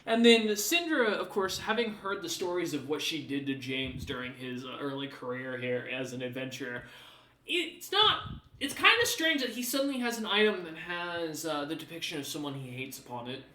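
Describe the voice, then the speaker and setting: A man's voice: a little high, sing-song, fairly quick, hardly any pauses, bright, forceful tone, roomy sound, recorded from a distance. A man narrating as game master of a tabletop role-playing game, chatty and laughing, with many fillers.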